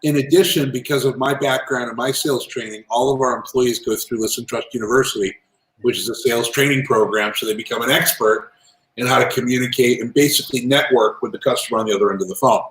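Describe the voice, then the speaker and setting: A man telling lively business anecdotes as an interview guest, in a casual, animated manner. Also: medium pitch, quick pace. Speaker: guest, entrepreneur and author. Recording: roomy echo.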